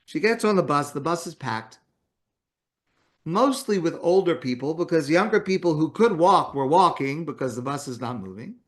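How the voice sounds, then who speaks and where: A man's voice: on the high side, lively intonation, normal speed. A man giving a morning talk as a rabbi, telling a story in a conversational way. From Canada.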